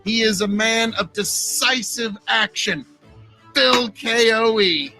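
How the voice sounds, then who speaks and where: A man voicing a grand, pompous male campaign ad announcer, with faint music behind. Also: slow. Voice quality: booming, pompous.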